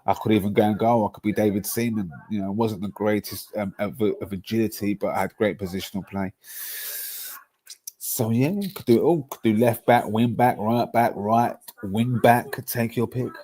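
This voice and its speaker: A man's voice: fairly low pitch, steady tone, moderate pace, warm tone. Boastful slangy man. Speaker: football podcast panelist. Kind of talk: casual banter about football.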